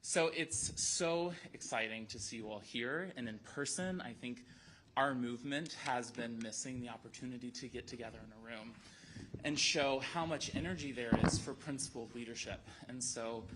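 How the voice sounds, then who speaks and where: An upbeat man on the planning committee speaks to the audience at an event, thanking the last speaker and calling the next panel up. His pitch is mid range, and there is a faint hiss of background noise behind his voice. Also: moderate pace. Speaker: event organizer introducing a panel. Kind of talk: event announcement.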